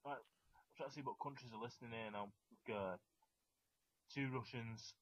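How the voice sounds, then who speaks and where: A man's voice: medium pitch, normal speed, highs cut off. A man co-hosting an internet radio chat show, talking casually and swearing freely. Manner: chatty, relays listener stats, swears casually.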